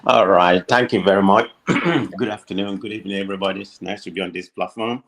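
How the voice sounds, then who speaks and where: A man with a Nigerian accent speaking as a caller on a live audio stream, ranting indignantly and swinging from low, calm talk to loud outbursts. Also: brisk. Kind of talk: impassioned live audio commentary.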